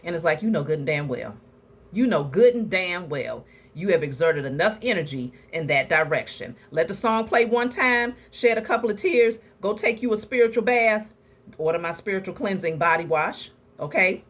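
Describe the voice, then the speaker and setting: A woman giving a casual tarot reading to her viewers, talking emphatically and in a preachy way straight to them, with a husky voice. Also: fairly low pitch, moderate pace. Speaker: tarot reader.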